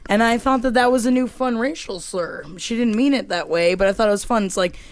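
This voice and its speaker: A man chatting loosely in a group podcast, hesitant and rambling, then bursting into loud jokes. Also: very high-pitched, brisk, smooth, no room sound. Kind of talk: casual group banter.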